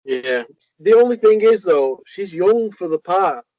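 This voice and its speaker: Easygoing man with a lively voice. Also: high voice, a little slow, dry recording, dull audio. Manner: short, easygoing replies. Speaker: podcast co-host. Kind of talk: casual chat.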